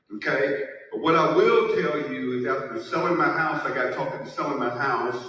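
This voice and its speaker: A man's voice: medium pitch, bright, forceful tone, far from the mic. Man telling his story in an echoey hall. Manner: emphatic storytelling with rising emotion. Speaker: network marketing speaker. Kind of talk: testimonial speech to an audience.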